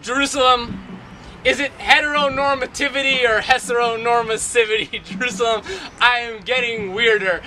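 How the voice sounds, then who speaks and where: A man's voice: very high voice, fairly even intonation, moderate pace, pushed and bright, a little hiss or hum, poor audio. A man performing spoken word poetry in a wry, rhythmic way, repeating a refrain, recorded outdoors in a city. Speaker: poet.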